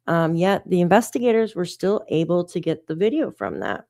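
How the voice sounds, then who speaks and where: A woman's voice: on the low side, big pitch swings, normal speed, vocal fry, few pauses, warm tone, no room sound, clean studio sound. Chatty woman true-crime commentator. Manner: chatty, incredulous, reads updates aloud. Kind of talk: casual livestream commentary.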